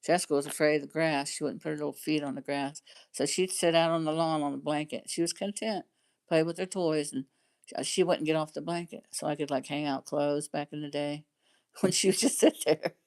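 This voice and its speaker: A woman's voice: low voice, fairly even intonation, a little fast, a little mellow. A middle-aged woman chatting casually on her livestream, rambling and laughing often. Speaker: livestream host chatting with viewers.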